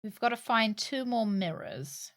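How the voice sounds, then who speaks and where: A woman's voice: on the high side, animated, a little slow. A woman streaming a video game, chatting casually, laughing often and exclaiming at what she finds. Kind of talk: casual let's-play commentary.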